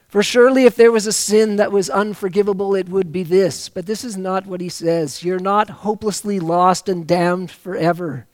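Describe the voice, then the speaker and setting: A man preaching a sermon, reading scripture aloud and rising to loud, slowed emphasis on key phrases. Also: high-pitched, fairly even intonation, no room sound.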